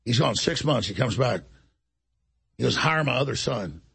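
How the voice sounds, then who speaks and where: A man's voice: mid-range voice, expressive, normal speed, vocal fry, a bit bright, husky. A man hosting a talk show, delivering an indignant monologue and acting out other people's lines as he tells the story. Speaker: show host.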